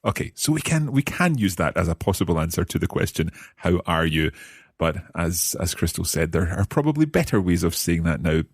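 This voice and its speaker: Low, lively-voiced male learner. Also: a little fast, breathy edge, no echo, clean studio sound. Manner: curious, hesitant, repeats phrases after the teacher. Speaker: learner co-host. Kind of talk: conversational language lesson.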